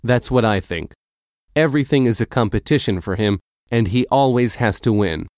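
A man's voice: mid-range voice, moderate pace, darkish tone, clean tone, no room sound, clean studio sound, close to an everyday voice. A man voicing an earnest jealous teenage boy.

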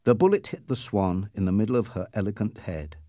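A man narrates a story aloud in scripted storybook style, reading slowly and with clear pacing. His voice is lowish and mellow, recorded dry and at studio quality.

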